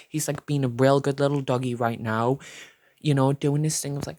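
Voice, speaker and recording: A young vlogger with a medium-pitched voice tells a dramatic storytime at normal speed, with no echo. He's animated and profane, swearing a lot and acting out what others said in voices.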